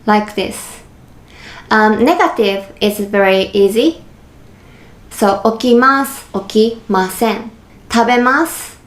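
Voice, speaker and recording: Slow, patient woman teaching in an echoey room. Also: a little high. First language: Japanese. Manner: patient, slow, repeats examples. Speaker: language teacher. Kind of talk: online language lesson.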